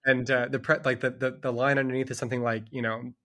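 Middle-aged guy, book author, rambly casual chat, mid-pitched voice, keeps saying like. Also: level tone, quick pace, pushed and bright. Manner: rambling, chuckling, heavy on "like" fillers. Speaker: children's book author and illustrator, guest. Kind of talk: casual conversation about books.

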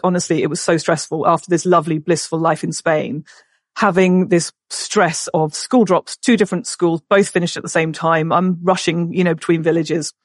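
A woman in her forties, a podcast guest, tells a personal story emotionally, halting and restarting often. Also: fairly low pitch, no echo, studio quality.

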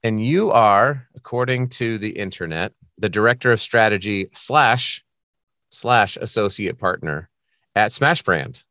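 A man's voice: fairly low pitch, expressive, sharp tone, no echo, studio quality. Joking American man hosting a podcast. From United States. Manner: upbeat, joking, quick asides. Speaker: podcast host. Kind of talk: casual interview chat.

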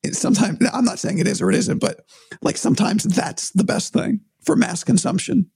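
Gravelly, husky man, animated. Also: sits high, fairly quick, no echo. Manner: thoughtful, rambling, restarts often. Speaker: broadcaster, podcast guest. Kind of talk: casual conversation.

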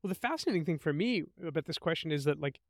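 A middle-aged man, a writer, talking as an interview guest, telling stories in an animated, thoughtful way. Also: on the high side, fast talker, no room sound, clean studio sound. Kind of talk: conversational interview.

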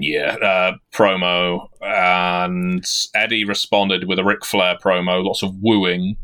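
British man, low voice, wry rambling podcast talk. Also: steady tone, takes it slowly, hardly any pauses, a bit bright. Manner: wry, rambling, self-deprecating. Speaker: podcast co-host. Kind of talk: casual podcast chat.

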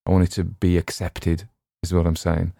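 This middle-aged audiobook narrator and story channel host from West Cumbria, England, has a Cumbrian accent and a low, monotone voice with vocal fry and a warm tone. He speaks at normal speed on a dry recording with clean studio sound. Chatting casually, he rambles and downplays himself, using many fillers and restarts.

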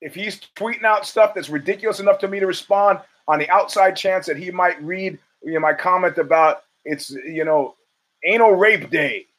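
A man's voice: sits high, normal speed, hardly any pauses, a bit bright, rough recording. Blunt, profane male podcast host. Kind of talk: opinionated sports commentary monologue.

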